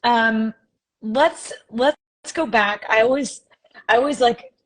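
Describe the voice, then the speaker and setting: A woman's voice: on the high side, takes it slowly. A young woman from Indiana hosting a casual live stream on a video call, bubbly and chatty, often laughing.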